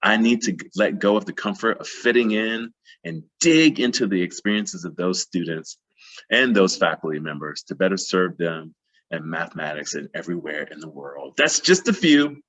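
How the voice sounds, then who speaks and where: A man's voice: deep voice, moderate pace, a bit bright. A man giving a plenary talk at a math conference, passionate and emphatic, repeating phrases for emphasis. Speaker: plenary speaker.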